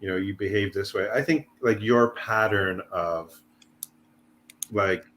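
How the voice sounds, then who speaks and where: A man's voice: on the low side, a little slow, a bit bright, slight background noise. A man guest in casual chat, reflecting hesitantly on his habits and leaning on filler words. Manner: hesitant, many fillers and restarts.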